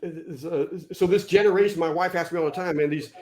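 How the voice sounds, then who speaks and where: Male guest, blunt and preachy, slightly high voice. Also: a little fast, background noise. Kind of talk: motivational casual talk.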